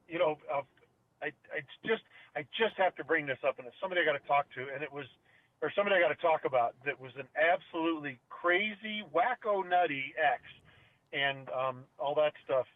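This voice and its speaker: A middle-aged man rambles through a story in casual chat, slightly high-pitched and full of ums and restarts. His voice comes through narrow and phone-like, with a dry, close sound. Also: a little fast, no room sound. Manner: rambling, many fillers and restarts. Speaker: podcast co-host.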